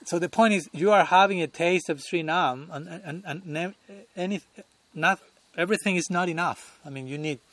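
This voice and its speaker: A man's voice: fairly high pitch, normal speed, a bit bright. A man giving a devotional lecture at a temple as a swami, chuckling often and talking conversationally while searching for words.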